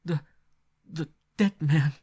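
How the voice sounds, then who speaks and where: A man's voice: medium pitch, lively intonation, normal speed, voice pushed up, lightly acted. A man voicing a frightened, sheltered young woman who stammers and pants as she speaks. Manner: stammering, breathless. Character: frightened, refined young woman fresh from the city.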